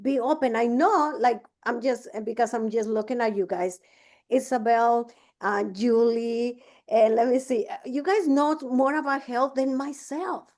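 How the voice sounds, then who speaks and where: A woman leads a casual business training, her voice sitting a little high. She tells stories with lots of fillers and restarts, acting out both sides of each conversation. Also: a little slow, darkish tone. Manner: chatty, many fillers and restarts. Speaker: business coach. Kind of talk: casual training talk with storytelling.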